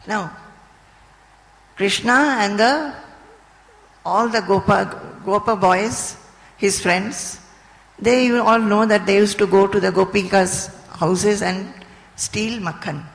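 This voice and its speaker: A woman's voice: medium pitch, takes it slowly, vocal fry, pauses often. A woman, a spiritual teacher telling a scripture story and chanting verses, recorded in a reverberant hall. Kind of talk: devotional scripture discourse.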